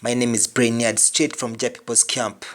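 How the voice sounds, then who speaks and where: A man's voice: medium pitch, flat delivery, moderate pace. A man hosting a video language lesson, speaking emphatically and repeating example phrases. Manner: emphatic, repetitive example sentences. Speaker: language teacher.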